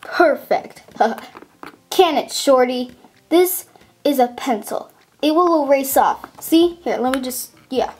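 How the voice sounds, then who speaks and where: A woman's voice: high voice, slow pace, a little mellow. A woman voicing a careless, mocking male substitute teacher in a toy skit. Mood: smug. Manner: dismissive, flippant, mocking.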